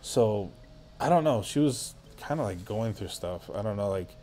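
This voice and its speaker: A man's voice: on the low side, animated, moderate pace, dark tone, slight background noise. A man guesting on a podcast, telling a story in a rambling, casual way full of filler words and swearing.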